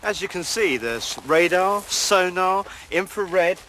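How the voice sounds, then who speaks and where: A man's voice: sits high, expressive, slow pace, sharp tone, a little hiss or hum. Dry, bumbling male comic presenter. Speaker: comedy presenter. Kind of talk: deadpan comic documentary.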